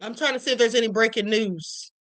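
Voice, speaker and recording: A woman hosts a casual live stream. She reads the news aloud and breaks in with sassy, chatty remarks. Her voice is bright and sits a little high. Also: a little fast.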